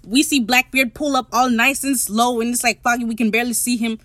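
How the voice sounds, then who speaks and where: A woman's voice: a little high, a little fast, few pauses, no room sound. A woman in her late teens recapping a TV episode in casual, gushing chat, swearing freely. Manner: excitable, gushing, swears freely, laughs often. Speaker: TV show recap host.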